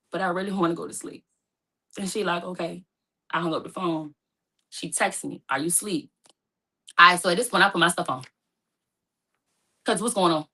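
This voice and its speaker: A woman's voice: low-pitched, fairly bright tone. A young woman in an emotional personal storytelling talk, acting out both sides of her phone calls. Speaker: guest telling her story.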